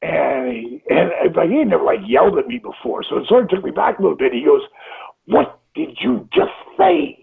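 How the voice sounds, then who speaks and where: A man in his fifties, an interview guest telling stories in a casual, animated way, acting out quotes and swearing freely. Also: fairly high pitch, quick pace, vocal fry, hardly any pauses, slightly rough. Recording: tinny phone-line audio.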